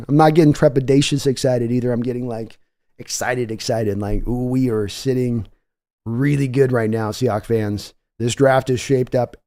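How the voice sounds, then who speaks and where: A man hosting a live-streamed draft show, talking in a chatty, excitable way and reading viewer donations aloud. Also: medium pitch, moderate pace. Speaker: livestream draft host.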